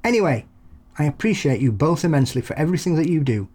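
A man's voice: on the high side, very animated, fast talker, darkish tone. A man co-hosting a podcast, chatting casually with jokey, rambling anecdotes. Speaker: podcast co-host. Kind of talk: casual chat.

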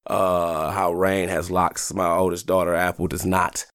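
A podcast host with a low voice and a dry, close sound. He chats casually and tells his stories with animation. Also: measured pace, clean tone, no echo. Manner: animated storyteller, drifts into comic voices. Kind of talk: casual chat.

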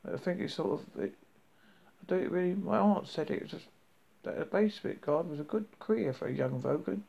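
A man voicing a dim-witted alien guard who answers slowly and haltingly. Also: sits high, expressive, vocal fry, dark tone, voice pushed up, exaggerated voice. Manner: slow, dull-witted, hesitant. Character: dim, sluggish male alien guard, a Vogon. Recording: dull lo-fi recording.

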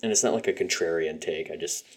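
A young male podcast host talks quickly in a low voice with a breathy edge. He rambles casually about music, full of fillers and profanity.

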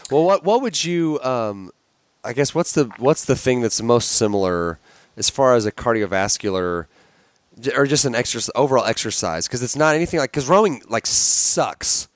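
Brief: male podcast host, excitable, interrupting, dry close sound. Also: mid-range voice, normal speed, no echo. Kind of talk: casual podcast chat.

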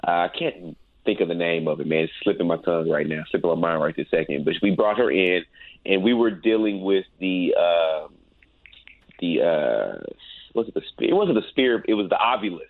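A laid-back man recounts a story as a guest, peppering his talk with "man." His voice sits fairly low and comes through a tinny, phone-like line with no room sound around it. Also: animated, a little fast, no echo. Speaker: guest, paranormal investigator. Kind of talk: casual storytelling interview.

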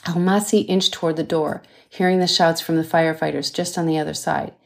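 Lowish woman narrating a thriller. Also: fairly even intonation, creaky. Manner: measured, dramatic reading. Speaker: author reading her novel. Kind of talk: audiobook narration.

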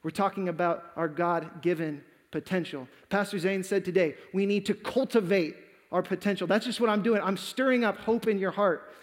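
A man's voice: sits high, moderate pace, big-room sound. A man preaching a sermon, telling a story dramatically and acting out the quoted lines. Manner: dramatic, acts out quoted dialogue.

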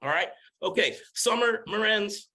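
A man's voice: high voice, animated, unhurried, pushed and bright, slight background noise. A man giving urgent, exhorting advice on a training call for health coaches.

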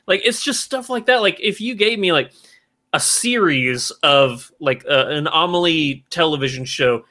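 A man co-hosts a casual film podcast, rambling playfully between thoughts. His voice is bright and a little high. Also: expressive, moderate pace. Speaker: podcast co-host.

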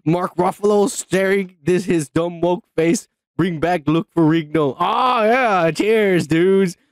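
A man's voice: high voice, takes it slowly, dry recording. Profane rambling podcast man, dry mic. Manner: profane, rambling, many fillers and repeated yeahs. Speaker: podcast co-host reading viewer comments. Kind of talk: casual drunk podcast banter.

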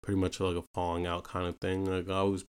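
A man's voice: sits low, completely flat delivery, fast talker, clean tone. A young man from Canada telling a personal story in a casual, rambling way, full of fillers and repeated asides. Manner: rambling, full of fillers like "you know what I mean" and "right". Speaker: podcast host telling his own story.

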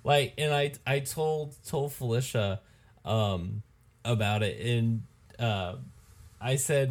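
A man's voice: medium pitch, a little slow. Easygoing young podcast co-host man. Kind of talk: casual chat and reading news items.

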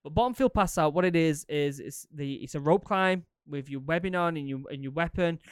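Podcast host in his thirties, a rambling, animated storyteller with a smooth, clear voice. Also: fairly high pitch, brisk, dry recording, clean studio sound. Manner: rambling, animated, lots of fillers and repeats. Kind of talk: casual storytelling, answering listener questions.

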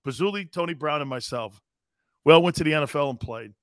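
Loud rambling middle-aged guy hosting sports radio, kinda high voice, dry close mic. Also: fast, dry recording. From Connecticut. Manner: loud, rambling, laughs often, does voices for stories. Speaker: radio show host. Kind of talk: animated sports talk.

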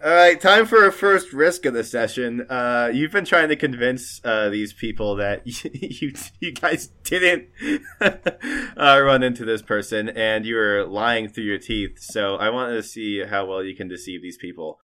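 A man's voice: medium pitch, a little slow, pushed and bright. A man narrating as game master of a tabletop game in a chatty way, laughing and using lots of fillers.

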